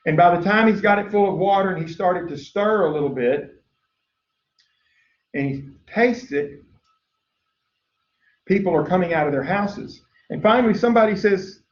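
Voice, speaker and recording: In a recorded biology lecture, a man talks a little fast and animatedly in a fairly high voice, his mic set at a distance. He keeps it chatty, peppered with "uh," and breaks into stories where he voices the characters. The sound is echoey, dull and lo-fi, with faint hiss.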